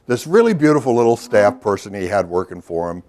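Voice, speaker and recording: A man's voice: on the low side, sing-song, a little fast, darkish tone. A middle-aged man giving a workshop lecture in a loose, storytelling way, with asides and questions to the audience. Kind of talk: recorded lecture to a professional audience.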